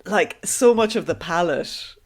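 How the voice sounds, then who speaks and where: A woman's voice: on the low side, expressive, a little slow, breathy edge. An Irish woman co-hosting a podcast, discussing a film casually with wry, joking asides. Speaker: podcast co-host.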